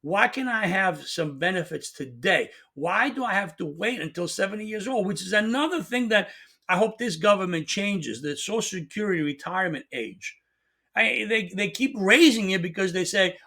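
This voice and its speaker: A middle-aged man talks straight to his viewers in a casual opinion monologue, getting worked up and stumbling over his own restarts. His voice sits high for a man and has a bright, forceful edge. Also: moderate pace. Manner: excitable, talks in restarts and asides. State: coughing at times. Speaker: channel host.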